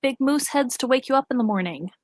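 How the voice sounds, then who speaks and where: A woman's voice: sits high, expressive, quick pace, no echo. A woman co-hosting a casual movie watchalong who chats along with the film and drops dry, joking asides. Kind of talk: casual live movie-reaction chat.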